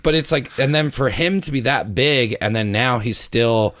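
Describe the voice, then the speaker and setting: A man hosting a podcast in a loose, casual chat. His voice sits at a middle pitch, and he tells his stories freely, with plenty of swearing. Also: normal speed, a bit bright. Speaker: podcast host.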